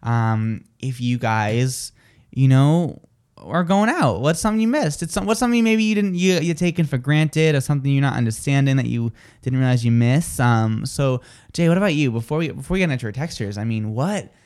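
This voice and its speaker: A man's voice: medium pitch, expressive, fairly quick, darkish tone. A man co-hosting a live radio talk show, telling stories in a rambling, chatty way full of fillers and restarts. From New Jersey. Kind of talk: casual chat.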